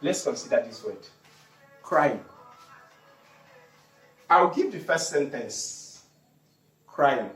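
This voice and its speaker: Grammar teacher talking online, asks then answers own questions, roomy echo, soft music behind. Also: medium pitch, expressive, moderate pace, few pauses. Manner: repeats key words, poses and answers own questions. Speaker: English teacher.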